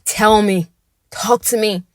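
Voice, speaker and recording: A woman voicing a young male friend high on drugs, erratic, pleading and menacing by turns. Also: steady tone, slow, dry recording, clean studio sound, close to an everyday voice. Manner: pleading then ferocious, shaky.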